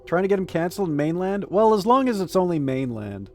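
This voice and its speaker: A man chats loosely on a live stream, joking with his chat and reading game text aloud. His voice sits a touch high for a man. Soft game music plays faintly underneath. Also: big pitch swings, fairly quick. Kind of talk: casual live-stream chat while gaming.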